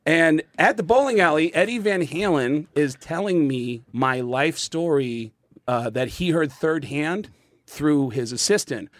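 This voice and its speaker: A man's voice: fairly high pitch, measured pace, dry recording. A comedian guest in a studio, telling a casual story with many fillers and restarts, acting out the people he quotes.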